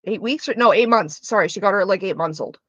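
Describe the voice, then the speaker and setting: A woman's voice: mid-range voice, fast, no echo, muffled recording. A woman chatting casually on a live stream, rambling and swearing through her asides.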